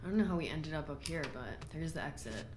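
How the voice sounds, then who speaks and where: A gaming YouTuber in her twenties does let's play commentary in a low voice with lively intonation and a quick pace. She's jumpy, exclaims a lot, and startles easily, recorded in an echoey room with faint noise.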